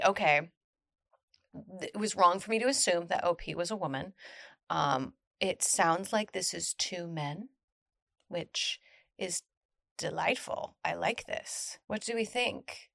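Woman podcast host, playful and animated, gravelly edge, close dry sound. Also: mid-range voice, no room sound. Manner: animated and playful, with gasps and excited reactions. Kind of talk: casual podcast, reading and reacting to online stories.

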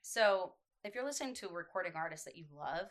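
Woman vocal coach, bright clear tone, chatty and explanatory, podcast guest. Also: fairly low pitch, animated, quick pace. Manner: explanatory, lots of fillers. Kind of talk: casual podcast chat.

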